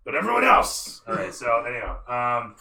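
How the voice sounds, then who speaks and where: A man's voice: mid-range voice, huge pitch swings, fairly quick, bright, forceful tone, roomy sound. A man running a live tabletop game as game master. He narrates scenes and jokes and swears casually with his players. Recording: clear background music.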